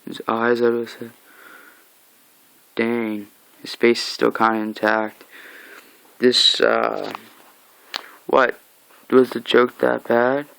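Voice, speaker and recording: A man recapping a comic book in casual talk, reading its lines aloud in an animated way. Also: mid-range voice, slow, creaky, long pauses, clean tone, low-quality recording. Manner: animated, acts out lines with mock shouts.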